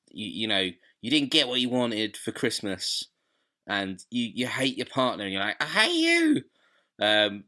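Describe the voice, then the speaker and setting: Male co-host, young adult, chatty, tangent-prone, lower register. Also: sharp tone. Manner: rambling, goes off on tangents. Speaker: podcast co-host. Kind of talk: casual chat.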